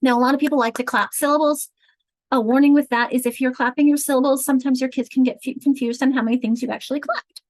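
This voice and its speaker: Woman literacy trainer, bright higher voice, dry close sound, explanatory webinar delivery. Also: steady tone, fast talker, dry recording, rough recording. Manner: explanatory, counts words aloud and asks rhetorical checks.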